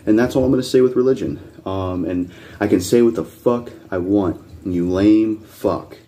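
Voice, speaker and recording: Speaking at normal speed in a warm voice on the low side, a man hosting a reaction video rants bluntly. He is profane and combative, swearing a lot and repeating his points insistently.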